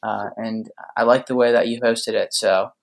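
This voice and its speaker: Chill guy guesting on a podcast, middle pitch, jokey, lots of dude and man. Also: fairly even intonation, moderate pace, gravelly. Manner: laid-back, says dude and man a lot, joking. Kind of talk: casual podcast chat.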